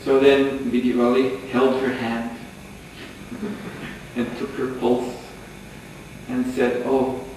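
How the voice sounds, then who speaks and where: A man giving a lecture, telling a sacred story as an animated storyteller who often chuckles. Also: mid-range voice, slow pace, long pauses. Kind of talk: storytelling sermon. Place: lecture hall. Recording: echoey hall, distant mic, faint noise.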